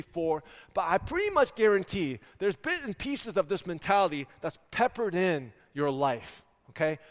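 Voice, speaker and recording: A forty-year-old pastor preaching a sermon in a church, animated and full of rhetorical questions. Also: male voice, high-pitched, big-room sound. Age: 40s. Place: church sanctuary.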